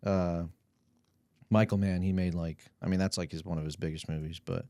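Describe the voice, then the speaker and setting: Deep-voiced young man, rambling and profane. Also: fairly even intonation, a little fast, warm tone, no echo, studio quality. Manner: rambling, profane, laughs through stories. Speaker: podcast guest. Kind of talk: casual chat.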